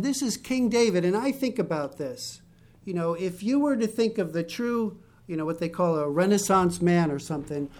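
A preacher giving a Bible-teaching sermon in a conversational way with joking asides, reading scripture slowly. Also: medium pitch.

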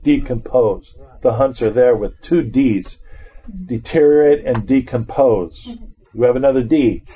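A middle-aged man leads an informal, relaxed Bible study, reading scripture aloud before stopping to discuss it with listeners in an easy, chatty way. His voice is an ordinary middle pitch, and he speaks a little slowly.

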